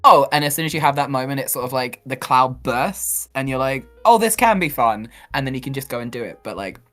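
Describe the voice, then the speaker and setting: A woman's voice: rumbling low, fairly even intonation, quick pace, a bit bright, faint music behind. A woman guest on a podcast, talking in a chatty, self-deprecating way and acting out quotes. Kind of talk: casual chat.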